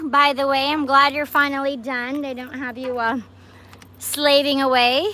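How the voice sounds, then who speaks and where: A woman chatting casually on a live vlog in a parking lot at night, excitable and talkative. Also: sits high, moderate pace. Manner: chatty and excitable, coos at a frog. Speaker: vlogger livestreaming.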